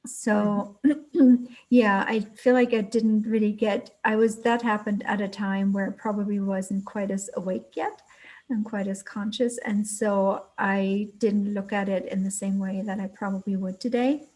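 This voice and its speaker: A woman speaking in a soft, reflective tone as she shares her own experience in a conversation. She gropes for words at times and laughs lightly at her own attempts to explain. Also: medium pitch, little pitch movement, measured pace, rough recording. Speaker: participant in a storytelling circle. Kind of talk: casual spoken reflection.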